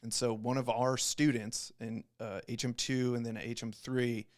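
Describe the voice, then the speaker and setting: A young man in his twenties, a podcast guest who tells stories with lots of swearing. He slips into quoted voices as he talks. His pitch sits in the ordinary middle range for a man. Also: normal speed. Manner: profane, animated, acts out quoted voices. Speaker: guest, Navy corpsman. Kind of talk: casual storytelling.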